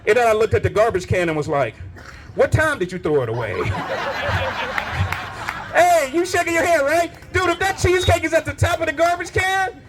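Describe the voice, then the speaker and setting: A middle-aged man doing stand-up comedy on a club stage, telling animated stories and breaking into laughter and sung bits. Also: very high voice, normal speed, crowd noise.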